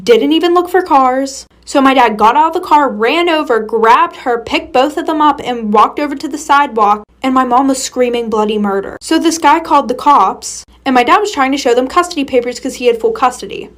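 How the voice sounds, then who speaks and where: Young woman spilling a storytime, kinda high voice, blunt, swears a lot, talks right to viewers. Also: brisk, few pauses. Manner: blunt, swears freely, chatty asides to viewers. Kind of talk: casual storytime.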